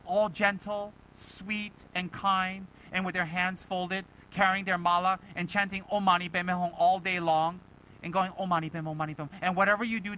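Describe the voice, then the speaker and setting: High, bright-voiced man giving an animated dharma talk. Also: slight background noise, low-quality recording. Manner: animated, emphatic rhetorical questions; mimics other people's voices in quotes. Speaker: Buddhist teacher.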